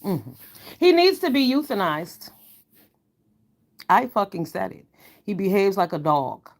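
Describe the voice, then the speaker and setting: A woman ranting to her viewers in a blunt, profane, heated way, swinging from low mutters to loud outbursts. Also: lively intonation, a little slow, very noisy. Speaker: online commentator. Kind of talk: ranting commentary vlog.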